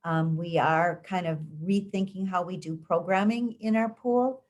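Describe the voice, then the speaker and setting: Woman, education official, low-pitched, chatty with many ums. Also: measured pace, darkish tone, dull audio. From United States. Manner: conversational, frequent ums and restarts. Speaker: school district education official. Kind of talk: community interview answers.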